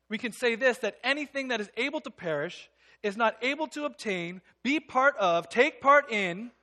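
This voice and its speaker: A man preaching a sermon. He reads scripture aloud, then explains it in an earnest, emphatic way and sometimes drops to a soft, quiet voice. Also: sits high. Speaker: pastor.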